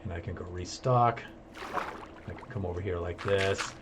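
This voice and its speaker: A man talks through a live game stream in a relaxed, self-amused way, tossing out jokey tips. His voice sits on the low side. The recording carries a clear hiss of background noise. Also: moderate pace. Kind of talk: live gameplay commentary.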